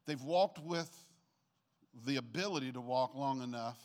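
An older man preaching a sermon to a church congregation in a conversational, animated way, often checking in with his listeners. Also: medium pitch, measured pace. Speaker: pastor.

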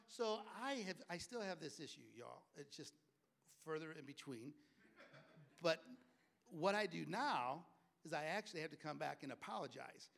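A man's voice: a little high, expressive, moderate pace, gravelly, a bit bright. A middle-aged man preaching a sermon in a conversational way and acting out the voices of people he quotes. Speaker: pastor.

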